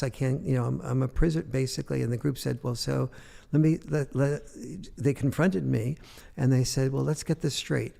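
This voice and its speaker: Older man, very gravelly voice, dark mellow tone, rambling storyteller, long echo. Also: medium pitch, steady tone, a little fast. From United States. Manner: rambling anecdotal storytelling with many fillers. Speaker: guest author. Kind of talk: storytelling in an interview.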